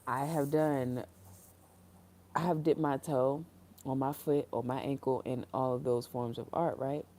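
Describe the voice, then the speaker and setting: A young woman speaking alone on a livestream in a very dark, mellow voice. She sounds earnest and reflective, wandering through her thoughts with fillers and restarts while holding back tears. A faint hiss sits under her voice. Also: rumbling low, creaky. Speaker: creator on a solo livestream. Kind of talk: candid solo livestream talk. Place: room, alone.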